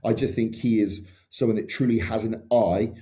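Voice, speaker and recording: A man's voice: on the low side, steady tone, normal speed, mellow. A man co-hosting a casual podcast, trading crude, teasing banter. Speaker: podcast co-host, coach. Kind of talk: casual chat.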